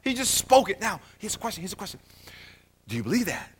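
A man teaching a Bible lesson in a lively sermon style, joking and swinging between loud and quiet. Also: quick pace, slight background noise. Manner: animated, jokey, swings from loud to low.

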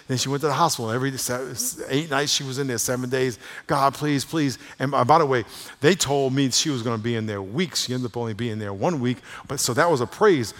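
A pastor preaching to his congregation, his mid-range man's voice dropping low and then rising loud to exhort. The sound rings with the long reverb of a big church sanctuary. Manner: swings between hushed and loud, exhorting. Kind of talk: sermon. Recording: long reverb of a large hall.

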